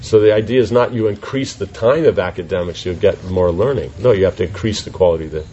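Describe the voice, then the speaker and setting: Animated man teaching a class. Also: low-pitched, fast talker, dull audio, slight background noise. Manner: animated, rhetorical questions, mock voices. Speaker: spiritual teacher answering questions. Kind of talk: informal class Q&A.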